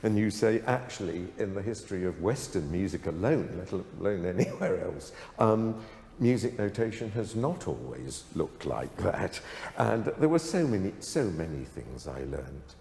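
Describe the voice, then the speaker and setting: A man's voice: sits low, very animated, normal speed, vocal fry, dark tone. A man in his sixties, a composer and guest, telling stories in a self-deprecating, hesitant way with many fillers. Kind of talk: conversational anecdote on stage. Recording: echoey hall, faint ambience.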